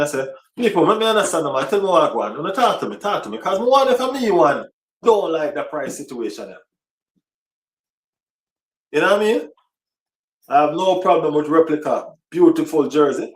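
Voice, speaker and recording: A man chatting casually on a football livestream, rambling and repeating himself. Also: fairly high pitch. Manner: rambling, repeats himself, frequent "you know what I mean". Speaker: football vlogger. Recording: roomy, slightly distant mic.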